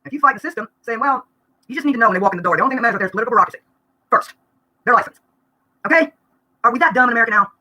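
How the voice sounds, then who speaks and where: A woman, venting bluntly and rapidly during a live-stream vlog, breaking into laughter now and then. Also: a little high, animated, sharp tone. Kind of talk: rambling live-stream rant.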